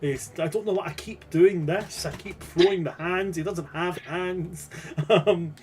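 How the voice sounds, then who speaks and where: A man's voice: high voice, unhurried, darkish tone. A man playing a tabletop game, talking in a playful, rambling and self-mocking way. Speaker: player. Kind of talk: tabletop role-play banter.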